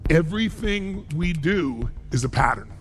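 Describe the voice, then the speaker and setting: A man speaking from a seminar stage, his voice sitting high for a man and leaping all over in pitch. He talks emphatically as a motivational speaker and keeps throwing questions out to the audience. Faint music runs underneath him. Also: animated, a little slow. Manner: emphatic, asks the crowd rhetorical questions. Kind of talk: live seminar speech to an audience.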